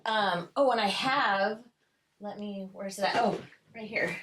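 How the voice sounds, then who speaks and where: A woman co-hosting a podcast, chatting casually about a book, gushing and swearing freely with quick asides. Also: medium pitch, a bit bright, slight background noise. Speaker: podcast co-host. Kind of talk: casual book-review chat.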